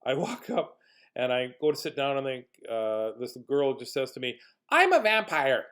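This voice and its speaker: A middle-aged man, reading picture books and telling stories to kids in a playful, animated way with lots of laughter. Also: mid-range voice, normal speed. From Manitoba, Canada. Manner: silly, animated, laughs often. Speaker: children's entertainer reading aloud. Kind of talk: playful read-aloud storytelling for kids.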